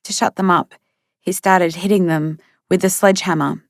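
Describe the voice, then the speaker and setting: A woman narrating an audiobook in a measured, steady manner into a close studio mic. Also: fairly low pitch, vocal fry, no room sound. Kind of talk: scripted narration.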